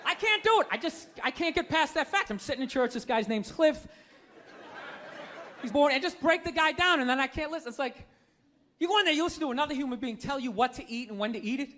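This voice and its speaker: A man's voice: very high voice, lively intonation, fast, pushed and bright, a faint crowd, a little hiss or hum. A man doing stand-up comedy, ranting in a profane, incredulous way. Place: stage before a live audience.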